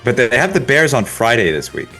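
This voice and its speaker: A man co-hosting a podcast, chatting casually with wry quick asides. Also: medium pitch, big pitch swings, pushed and bright, slightly rough, soft background music. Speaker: podcast co-host. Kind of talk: casual chat.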